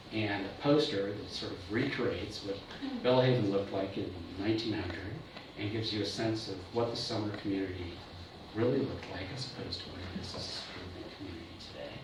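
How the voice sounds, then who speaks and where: Brief: thoughtful low-voiced male storyteller, far off in a reverberant room. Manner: thoughtful, hesitant with ums. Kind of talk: personal story told to a live audience. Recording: distant echoey barn with background noise.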